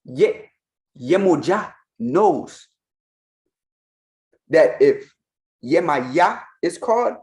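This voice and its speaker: A man's voice: on the high side, animated, extremely slow, long pauses, a little mellow. A man hosting a reaction commentary, ranting in a heated, mocking and profane way. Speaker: host, Orisha priest.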